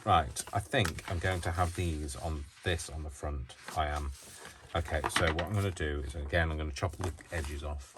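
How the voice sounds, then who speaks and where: A man with a low voice chats his way through a crafting tutorial. He wanders off into self-mocking asides. His faulty microphone buries the voice in loud noise. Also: fairly even intonation, moderate pace. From United Kingdom. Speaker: crafting channel host.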